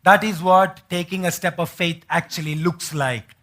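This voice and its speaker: A pastor delivers a sermon in church, his high, bright voice carrying it. He asks the congregation questions and acts out the words of biblical figures as he goes. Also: moderate pace. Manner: preaching with rhetorical questions to the congregation.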